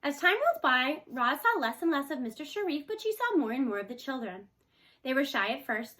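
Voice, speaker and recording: Woman storyteller, expressive read-aloud, bright voice. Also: high voice. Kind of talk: reading a children's book aloud.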